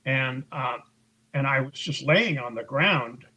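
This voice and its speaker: This man has a medium-pitched, pushed, bright voice and takes his time, captured on a low-quality recording. Speaking as an interviewed author, he recounts events at length in a chatty way, often using fillers and starting over, and voices what others said loudly.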